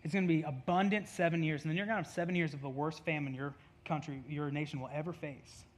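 A preacher voicing an earnest Joseph, slow and low. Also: male voice, steady tone, natural voice. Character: solemn biblical Joseph, a grown man, giving counsel.

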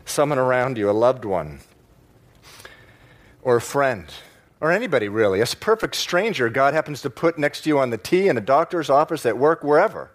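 A man's voice: medium pitch, sing-song. Emphatic man preaching a sermon. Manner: emphatic, slows down to stress key words; repeats phrases for emphasis. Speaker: pastor. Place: church, in front of a congregation.

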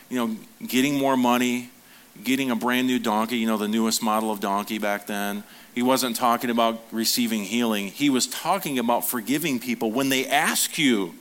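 A male pastor delivers a sermon in an easygoing, conversational way. His voice sits in an ordinary middle range. He keeps asking the room questions and slips into quick acted-out voices for the people he quotes. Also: medium pitch, fairly bright tone.

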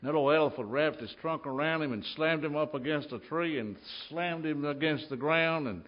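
A man's voice: fairly high pitch, normal speed, highs cut off. A man preaching a sermon in a church, telling stories emphatically and acting out the scenes. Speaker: pastor.

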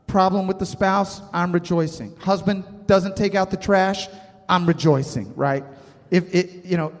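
A man's voice: sits high, long reverb tail. A man in his thirties preaching a sermon, talking conversationally and asking the congregation questions. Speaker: pastor.

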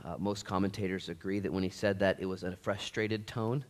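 A man preaching a sermon as pastor, conversational with restarts, swinging from quiet reflection to loud, rallying exhortation. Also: low voice, fairly even intonation, a little fast. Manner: conversational, with restarts and folksy asides. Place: church.

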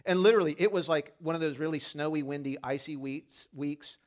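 A man's voice: a little high, a little fast. A man preaching a conversational sermon as pastor, asking the congregation questions and telling stories with humor. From Pennsylvania. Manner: storytelling with humor. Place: church sanctuary during a service.

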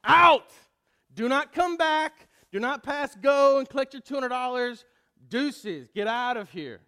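A man's voice: sits high, brisk, clear, resonant tone, lightly acted. A man playing a fed-up, exasperated waiter. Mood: angry. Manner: exasperated, blunt. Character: fed-up male restaurant waiter.

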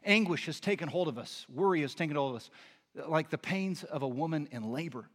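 A man, a pastor, delivering a sermon, moving between earnest teaching and animated storytelling. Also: a little high, fairly quick. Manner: animated storytelling with lively impressions.

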